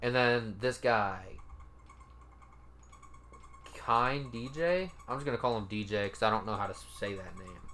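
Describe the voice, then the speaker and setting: A man's voice: on the low side, measured pace, long pauses, bright, forceful tone, a little hiss or hum. A man giving casual, laid-back commentary as he reads out comments, cursing now and then and sounding mildly incredulous. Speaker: commentary YouTuber.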